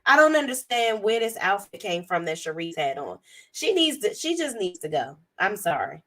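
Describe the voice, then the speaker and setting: A hoarse woman giving a blunt, sassy, profane commentary as a reality TV reviewer. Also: mid-range voice, sing-song, moderate pace, fairly bright tone. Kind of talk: casual commentary.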